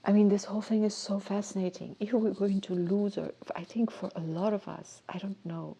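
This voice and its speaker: A woman hosting a show, musing in a soft, rambling way and often breaking off mid-thought. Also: mid-range voice, little pitch movement, moderate pace, creaky, breathy edge. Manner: dreamy, rambling, soft-spoken with self-interruptions. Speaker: host. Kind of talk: casual musing monologue.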